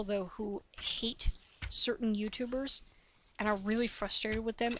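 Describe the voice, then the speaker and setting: A woman's voice: mid-range voice, fairly bright tone, a little hiss or hum. A woman in her late twenties with a young-sounding voice, doing hyper, nonstop voice-over commentary on her gameplay, a little sniffly. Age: 20s. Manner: hyper, chatty, talks nonstop. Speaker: let's play host.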